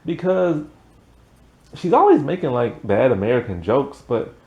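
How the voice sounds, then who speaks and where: A man's voice: medium pitch, very animated, a little slow, mellow, lo-fi sound. A man giving a casual, rambling recap of a TV episode, peppered with "like" and laughing at the plot. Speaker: TV show reviewer.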